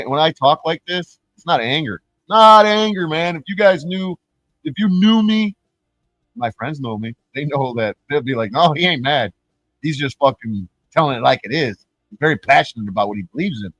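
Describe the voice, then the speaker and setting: A man's voice: on the high side, fairly bright tone, dry recording, rough recording. A man streaming a profane, mocking rant, laughing between points and mimicking his critics in sing-song voices. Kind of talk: ranting livestream monologue.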